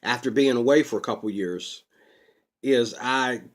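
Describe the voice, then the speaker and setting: Slow, rambling man vlogging. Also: mid-range voice. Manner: slow, unscripted, many drawn-out ums. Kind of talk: rambling personal vlog monologue. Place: Pittsburgh.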